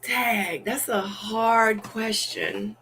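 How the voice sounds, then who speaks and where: A woman's voice: on the high side, drawn-out words, slight background noise. Chatty young woman telling dating stories. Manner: animated storytelling, acts out quotes, many "like" fillers. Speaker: dating show guest. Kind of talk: casual interview chat.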